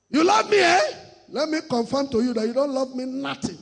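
A preacher with a very high, husky voice and a gravelly edge. He shouts and chants in bursts, then drops into mocking impressions. A long reverb trails every line. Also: lively intonation, moderate pace. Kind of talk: sermon.

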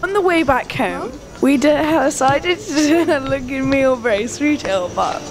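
Woman vlogger, unhurried, chatty and laughing, music bed underneath. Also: high voice, animated. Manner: chatty, laughs mid-sentence. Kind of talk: casual vlog narration. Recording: music playing behind.

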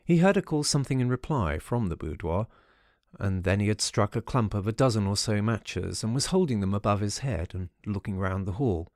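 Low-voiced male audiobook narrator. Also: animated, moderate pace, dry recording, studio quality. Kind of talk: scripted first-person ghost story narration.

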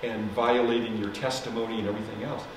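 A man preaching as pastor, telling a story in a loose, conversational way with fillers and soft laughs. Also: lowish voice, fairly even intonation, quick pace, noisy background. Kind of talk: sermon storytelling. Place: church sanctuary. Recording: echoey hall, mic from a distance.

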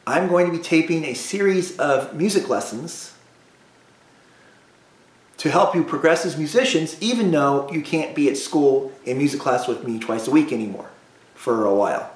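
A man teaching a beginner cello lesson to children, leading call-and-response drills with patient repetition. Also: on the high side. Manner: slow, patient, repeats drills for kids. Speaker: school music teacher. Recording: echoey room.

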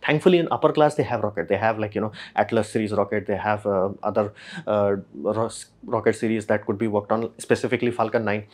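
A man, casually explaining rocket industry news as a channel host and acting out quick imagined exchanges. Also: on the low side. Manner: rapid, filler-heavy, acts out imagined dialogue.

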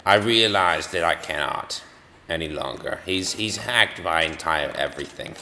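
A man's voice: low voice, lively intonation, normal speed, bright, forceful tone, a little hiss or hum. A man rambling and joking at himself while commentating on brain-training games. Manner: rambling, self-mocking, lots of restarts. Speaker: gaming video host. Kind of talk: goofy gameplay commentary. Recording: long reverb, faint music.

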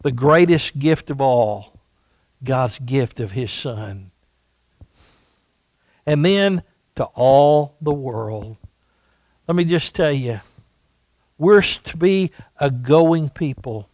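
Male pastor preaching in church. High voice, slow and emphatic delivery, dry close sound. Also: no echo. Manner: emphatic, repeats rhetorical questions. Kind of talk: sermon. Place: church sanctuary.

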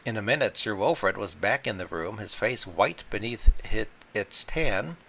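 A man reads a classic short story aloud in a measured, wry manner. His voice is gravelly with plenty of fry and sits a little low. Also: animated, pushed and bright. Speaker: audiobook reader. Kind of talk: scripted story narration.

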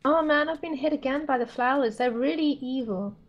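A young woman co-hosting a casual game session, playful and gently teasing. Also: high-pitched, fairly quick, muffled recording. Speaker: co-host of the gaming show. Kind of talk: casual co-op gameplay chat.

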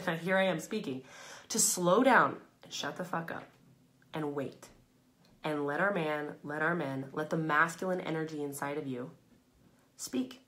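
A woman hosting a live stream, giving a casual motivational talk to her audience in an emphatic, candid way, swearing freely and laughing between phrases, swinging between loud, pushed lines and soft, low asides. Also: unhurried.

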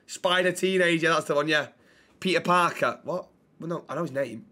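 A man's voice: high-pitched, normal speed, creaky, pushed and bright. A young man streaming a role-play game, chatting casually and swearing freely. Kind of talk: casual role-play and chat shout-outs.

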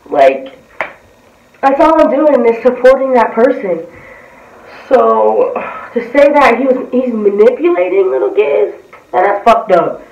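A woman's voice: on the high side, sing-song, a little slow, long pauses, a little mellow, lo-fi sound. A woman giving a blunt, profane, heated reaction commentary as a vlogger. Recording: roomy, distant from the mic.

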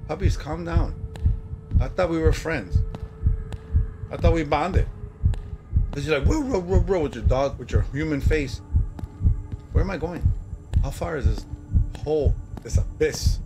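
A man commentating a horror game he is playing, jumping between shouts and muttering to himself. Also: a little high, measured pace, pauses often, noisy background. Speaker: gameplay streamer. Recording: music loud in the background.

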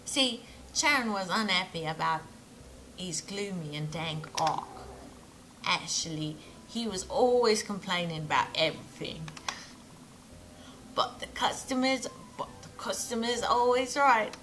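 A woman voicing a boastful male shipbuilder in a put-on English accent that slips toward Australian, with a slow, drawling delivery. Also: mid-range voice, animated, pushed and bright, slight background noise. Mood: chatty. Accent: put-on English turning Australian.

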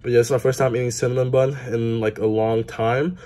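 Casual male vlogger, average pitch, phone-camera sound, excitable sports fan who swears and talks with his mouth full. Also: a little fast.

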